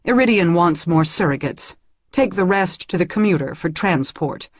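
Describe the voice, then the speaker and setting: A woman reading an audiobook, voicing a harsh, cruel female guard commander who gives slow, barking orders. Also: lowish voice, expressive, dry recording, clean studio sound. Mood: shouting orders.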